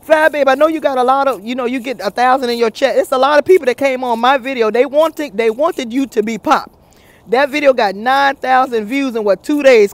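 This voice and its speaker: A woman talking casually to her viewers in a gossip vlog, animated and chatty, recorded outdoors. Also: a little high, no room sound. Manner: animated, chatty, laughs often, addresses viewers as y'all. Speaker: YouTube commentator.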